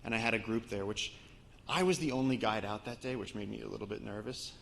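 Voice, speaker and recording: A man from Brooklyn, an expedition guide, telling a lively story to a live audience with slides. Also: on the low side, fast, vocal fry, slight background noise. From Brooklyn, New York. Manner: animated storyteller, voice rising as the story builds. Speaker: expedition guide giving a talk.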